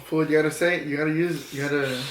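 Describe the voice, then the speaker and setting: A man with a fairly high, flat-toned voice cuts in with jokes and teasing comments. The room is echoey, with a faint hiss behind him. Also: fast. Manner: joking interjections, teasing. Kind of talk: casual podcast chat.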